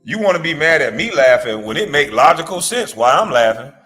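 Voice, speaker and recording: A man's voice: a little high, very animated, fairly quick, pushed and bright, soft background music. A man hosting a reaction show, ranting bluntly and profanely, mocking his target. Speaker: host. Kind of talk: reaction commentary rant.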